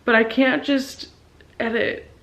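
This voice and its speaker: A woman in her twenties vlogging about books at home, chatty and gushing, quick to turn sentimental. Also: fairly high pitch, steady tone, fairly bright tone, low-quality recording. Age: 20s. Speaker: book vlogger. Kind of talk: casual chatty vlog.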